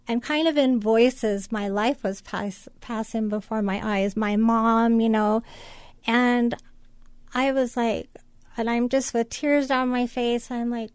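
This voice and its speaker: Guest: middle-aged woman, even-pitched, smooth clear voice, halting and tearful delivery. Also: dry recording, faint music behind. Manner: tearful, halting, many fillers. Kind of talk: emotional personal story.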